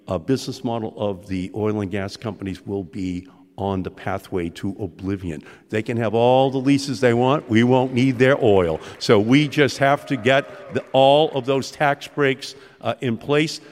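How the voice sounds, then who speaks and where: A man's voice: medium pitch, a little mellow, long reverb tail. An older man with a Boston accent, a guest senator speaking earnestly on a live stage and building to emphatic points. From Boston area, USA. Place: theater stage with audience.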